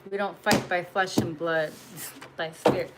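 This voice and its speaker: Through very noisy audio, a woman gives a relaxed tarot reading, swearing freely, laughing a lot and hitting her points hard. Her voice is lowish and steady, a little slow.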